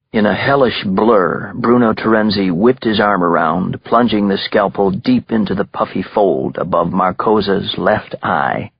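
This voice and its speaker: A man narrating a thriller audiobook in a measured, grim storytelling manner. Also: lowish voice, vocal fry, slightly rough, no room sound, dull audio.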